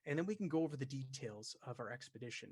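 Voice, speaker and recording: A man's voice: mid-range voice, expressive, quick pace, darkish tone, dry recording, clean studio sound, lightly acted. A man voicing a courteous male expedition leader with a Kenyan English accent who stumbles and repeats words.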